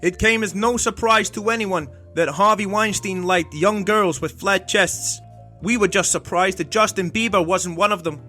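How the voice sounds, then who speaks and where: Man doing a brash, loud American monologuist, high and forceful. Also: moderate pace, faint music behind. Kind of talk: comedy podcast sketch.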